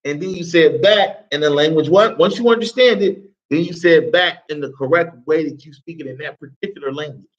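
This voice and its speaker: A man with a somewhat high voice runs a live Arabic class in a relaxed way. He repeats himself and keeps checking in with his students. The classroom recording sounds dull and lo-fi. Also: fairly quick. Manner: casual, repeats phrases, asks the class questions. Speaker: Arabic teacher.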